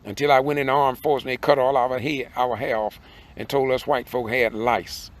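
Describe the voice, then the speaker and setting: A man's voice: mid-range voice, fairly even intonation, moderate pace. Fiery older man preaching. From southern Georgia, USA. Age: 60s. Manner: fiery, preacherly, repeats points, rises to emphatic peaks. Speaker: independent video commentator. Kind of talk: impassioned preaching monologue. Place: in a car while driving.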